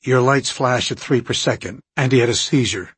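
A man with a husky voice voicing a brisk male doctor who gives quick, clipped orders in a storybook reading. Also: mid-range voice, fairly bright tone, dry recording. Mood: tense.

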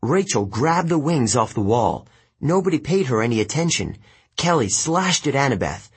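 A man narrating an audiobook in the first person, telling the story in a steady, even way. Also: mid-range voice, normal speed, slightly rough.

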